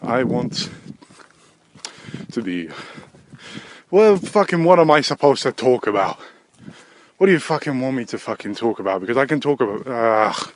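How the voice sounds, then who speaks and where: A man talking on his own podcast, wandering from thought to thought in a loose, profane ramble. His delivery stays deadpan, steady and unhurried, with fillers scattered through his sentences. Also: medium pitch. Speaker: podcast host. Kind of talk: rambling solo comedy podcast.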